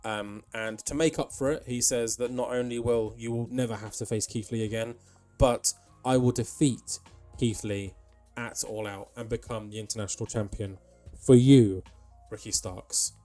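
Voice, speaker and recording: A man's voice: mid-range voice, fairly even intonation, normal speed, warm tone, faint music behind. A young man giving rambling casual commentary over a wrestling management game, with plenty of ums and asides. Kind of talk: casual let's-play commentary.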